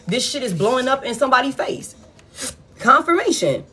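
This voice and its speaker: A woman, giving a collective tarot reading in a blunt, profane, animated way. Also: high-pitched, normal speed, husky. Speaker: tarot reader.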